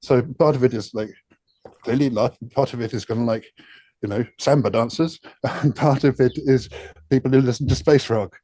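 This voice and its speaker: A man talks through his past in a loose, meandering interview, full of fillers and cheerful profanity. He sounds self-deprecating and candid. The recording is close and dry, with no room sound around his mid-pitched voice. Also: normal speed, mellow, dry recording. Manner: rambling, self-deprecating, swears freely, many fillers. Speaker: interview guest, music producer. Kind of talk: casual storytelling interview.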